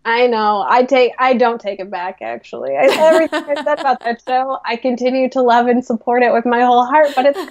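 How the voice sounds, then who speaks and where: A woman's voice: fairly high pitch, lively intonation, fairly quick, hardly any pauses. A woman co-hosting a podcast from the United States, chatting casually with a rambling, self-deprecating, jokey manner. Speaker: podcast co-host. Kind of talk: casual chat.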